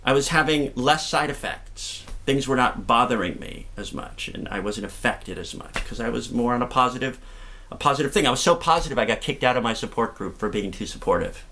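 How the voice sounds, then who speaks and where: A man's voice: mid-range voice, a little fast, creaky, slight background noise. A middle-aged man, a singer and cancer survivor, telling upbeat, joking stories from his own experience. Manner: upbeat, joking, animated storyteller. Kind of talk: singing then storytelling talk.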